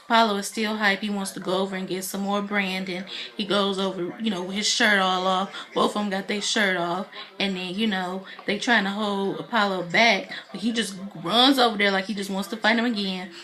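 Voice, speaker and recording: A woman's voice: mid-range voice, fairly even intonation, fairly quick, pushed and bright. A woman giving a casual spoken recap of a reality TV episode, retelling scenes in a chatty way with many fillers. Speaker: TV reality show reviewer.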